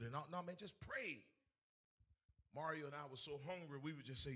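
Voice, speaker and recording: A man preaching a sermon to a congregation, swinging between shouted, sing-song lines and hushed storytelling. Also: fairly high pitch, normal speed, pauses often. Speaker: evangelist. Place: in front of a congregation.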